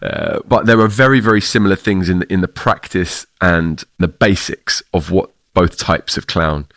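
A man's voice: low voice, normal speed, a bit bright, no room sound. A middle-aged man from the UK, a theater clown, answering interview questions reflectively and laughing often. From United Kingdom.

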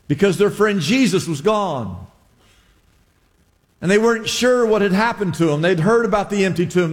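A man preaching a sermon to his congregation, telling a scripture story with stammered restarts and asides to the listeners. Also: sits high. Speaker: pastor. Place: church sanctuary. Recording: long reverb of a large church hall.

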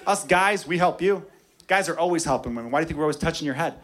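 A man's voice: on the high side, fast, fairly bright tone. A young man doing a profane, punchy stand-up comedy set on a club stage. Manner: brash, profane, punchy delivery. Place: club stage before a laughing crowd. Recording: live club recording with crowd laughter.

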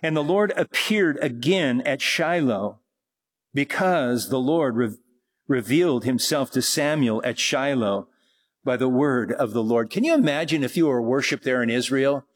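A man's voice: mid-range voice, animated. A man preaching a sermon, reading scripture and explaining it with growing emphasis. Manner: slow, earnest Bible teaching, rising to emphatic preaching. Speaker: pastor.

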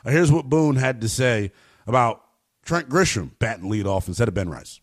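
Animated man giving sports commentary. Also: mid-range voice, moderate pace. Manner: animated, emphatic, slangy.

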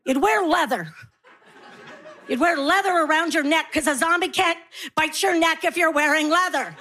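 A middle-aged woman performing a stand-up comedy routine, telling animated stories and acting out the voices of the people in them. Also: sits high, moderate pace.

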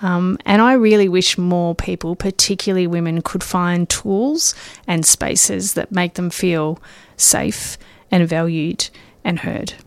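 Animated woman guest, dry sound. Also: fairly low pitch, slow pace, hardly any pauses, smooth, no room sound. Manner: animated storyteller, repeats words. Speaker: musician guest. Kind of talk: casual interview chat.

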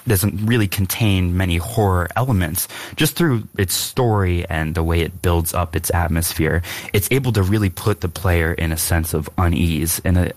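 Very deep-voiced indie developer man. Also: no echo. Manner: earnest, explanatory. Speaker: indie game developer guest. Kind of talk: radio interview answers.

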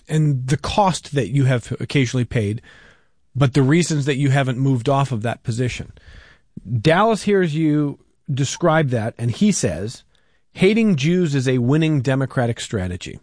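A man's voice: medium pitch, a little mellow, no room sound, studio quality. A male radio host reading listener emails and questions to his guest in a conversational way. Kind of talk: call-in radio interview.

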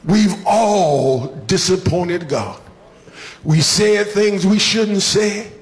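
A man preaching a sermon in a rhythmic, call-and-response style, building from quiet talk to shouted climaxes. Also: sits high, very slow.

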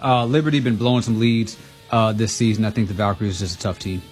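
A man appearing as a guest on a sports radio show, making picks in a relaxed, wry way. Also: lowish voice, fast, faint music behind. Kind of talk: casual sports picks chat.

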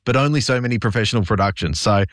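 A man's voice: lowish voice, quick pace, no echo, studio quality. An Australian man, a community theatre performer, talking enthusiastically as a radio guest. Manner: enthusiastic, lively. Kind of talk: radio interview. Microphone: studio mic.

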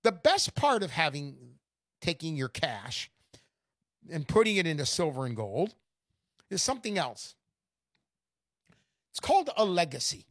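A woman pitching with lively, swooping intonation, scornful and emphatic. Her voice sounds close and dry, with no room around it. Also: unhurried, pauses often, dry recording. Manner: animated, mocking, emphatic. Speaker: gold investment promoter. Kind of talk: persuasive sales pitch.

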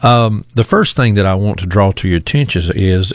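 A man's voice: sits low, normal speed, no echo. A man preaching an earnest sermon, stretching key words for emphasis and repeating his points.

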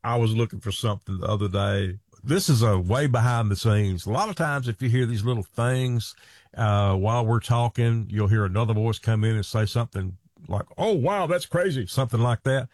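A man's voice: fairly low pitch, fairly quick, a little mellow, no room sound, studio quality. A man hosting a radio show, telling folksy stories in casual chat. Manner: folksy storytelling. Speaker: radio host.

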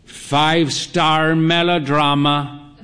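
A thin, fey gentleman in the last stretch of middle age, put on by a male narrator, talking in arch, theatrical turns. His voice sits a touch above the narration, slow and drawn out, as if savouring each phrase. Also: fairly high pitch, level tone.

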